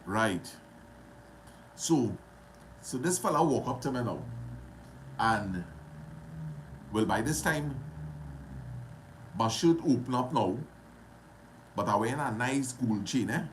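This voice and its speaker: Trinidadian man, casual vlog storyteller, dramatic repetition, mid-pitched voice. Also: takes it slowly, pauses often, slight background noise. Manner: animated, dramatic retelling with repetition and dialect.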